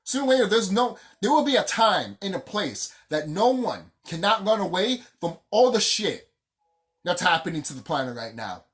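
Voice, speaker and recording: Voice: mid-range voice, very animated, normal speed, fairly bright tone. A vlogger ranting off the cuff, heated and profane, repeating phrases for emphasis. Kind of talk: casual unscripted rant.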